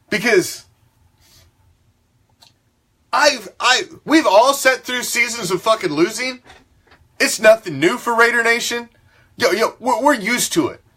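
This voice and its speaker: A man's voice: sits high, bright, forceful tone. Fired-up, swearing sports host man. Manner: profane, fired-up, emphatic. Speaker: sports talk show host. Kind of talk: fan sports commentary rant.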